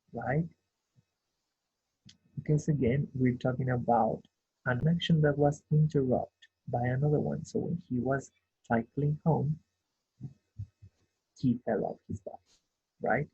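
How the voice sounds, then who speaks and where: Slow, gravelly man teaching grammar. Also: mid-range voice. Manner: patient, explains step by step and checks in with "right?". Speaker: English teacher. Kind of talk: grammar lesson. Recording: tinny phone-like sound.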